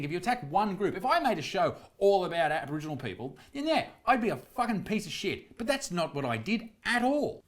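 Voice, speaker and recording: A man with an Australian accent, a comedian speaking directly to his viewers in a defensive, emphatic way. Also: high voice. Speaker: comedian addressing his audience. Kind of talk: direct-to-camera explanation.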